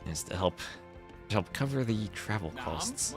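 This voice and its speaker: A man's voice: fairly low pitch, wildly swooping pitch, measured pace, over loud music. A man casting a strategy game on a live stream, calling the play and chatting with his viewers. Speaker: esports caster and stream host.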